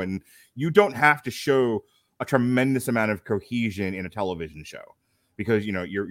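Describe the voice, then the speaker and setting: A man's voice: lowish voice, no room sound, studio quality. A man hosting a casual film review podcast, rambling and teasing his co-hosts with jokes. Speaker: podcast host.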